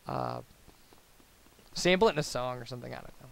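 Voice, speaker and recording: Casual young male commentator, high voice, rambly and chatty. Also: sing-song, fast talker, vocal fry, a bit bright, clean tone. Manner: rambling and babbling, lots of fillers and tangents. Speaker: let's play commentator. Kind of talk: casual post-commentary chat over gameplay.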